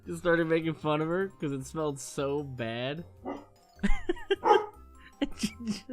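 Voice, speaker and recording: A man's voice: a little high, a little slow, faint music behind. A man in his late thirties, a streamer telling crude, rambling stories from his childhood to his chat and laughing along as he goes. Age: 30s. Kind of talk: casual storytelling chat.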